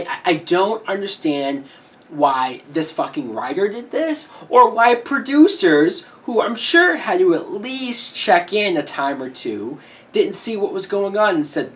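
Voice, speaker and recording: A woman reviewing a movie in a heated, profane rant, with sudden shouted peaks. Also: lowish voice, recorded from a distance. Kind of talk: ranting film review.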